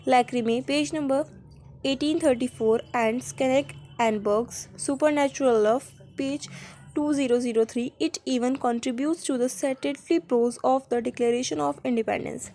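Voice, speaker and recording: A woman's voice: high voice, steady tone, mellow. Woman reading poetry notes aloud. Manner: halting reading aloud of page numbers and titles. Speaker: student reader.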